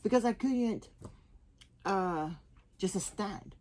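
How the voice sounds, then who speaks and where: A young woman telling a humorous personal story, animated and laughing often, with halting restarts. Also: medium pitch. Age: young adult. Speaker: guest sharing her testimony.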